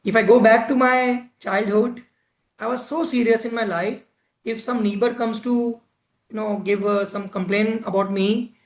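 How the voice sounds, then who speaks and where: A man's voice: high voice, fairly even intonation, moderate pace. A man leading an interactive workshop session, chatting and putting questions to his audience. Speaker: presenter of a club education session.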